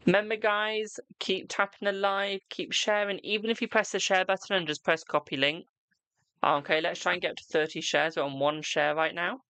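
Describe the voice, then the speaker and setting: Chatting on a live stream from home, a tarot reader reads cards for viewers, calling them "my darling" between frequent laughs. The voice is medium-pitched, bright and forceful, with a flat delivery at a moderate pace. It sounds smooth, with no room sound.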